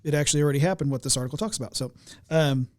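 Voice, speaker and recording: A man from the United States hosting a podcast, talking and reading news articles in a halting way with many fillers. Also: on the high side, no room sound, studio quality. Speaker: podcast host. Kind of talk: casual political talk, reading articles.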